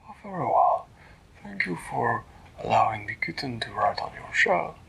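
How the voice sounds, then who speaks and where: A man's voice: mid-range voice, sing-song, moderate pace, creaky, fairly bright tone, breathy edge, full character voice. A man voicing a prim, very polite magical helper in a storybook who speaks formally.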